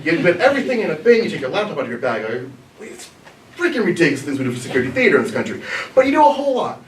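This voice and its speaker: A man's voice: fairly high pitch, very fast, a little hiss or hum. Young guy doing a comedy story in a black box theater, voice jumps around a lot, roomy echo. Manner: animated, laughs at his own story. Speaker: improv performer telling a story. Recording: echoey theater, from far off.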